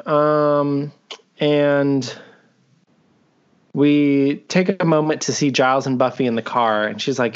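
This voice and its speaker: A man's voice: medium pitch, a little slow. Joking man on a muffled video call. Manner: joking, profane, acts out characters' lines. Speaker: podcast co-host. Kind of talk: casual recap chat. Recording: dull lo-fi audio.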